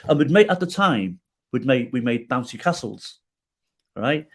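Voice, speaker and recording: This middle-aged podcast guest has a husky, medium-pitched voice and a moderate pace as he shares a personal story. He animatedly acts out the dialogue he quotes and checks in with listeners by adding "right?".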